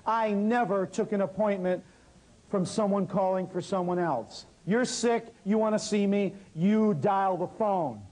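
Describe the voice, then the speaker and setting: A man's voice: high-pitched, measured pace, poor audio. A man teaching a natural healing workshop, telling a story and talking straight to his audience. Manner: lively, talks straight to the audience.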